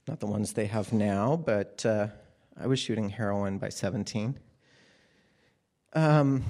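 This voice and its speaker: A man's voice: fairly low pitch, a little mellow. A man telling a candid personal story to an audience from a stage, plainspoken and wry. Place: stage under bright lights.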